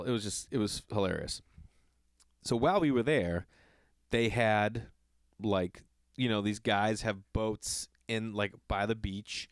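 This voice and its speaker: A man's voice: on the low side, dry recording, studio quality. A man telling a rambling travel story in a casual podcast monologue, swearing freely and acting out what people said. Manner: profane, animated storytelling with acted-out voices. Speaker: podcast host.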